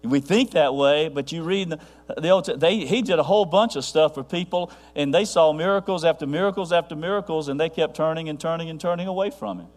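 A man preaching a sermon to a congregation, rambling with restarts and dropping to a near hush for his quiet points. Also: on the high side, brisk, few pauses. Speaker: pastor.

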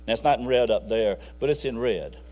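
A man's voice: mid-range voice, moderate pace, darkish tone. A man preaching a conversational, folksy sermon with bursts of emphasis.

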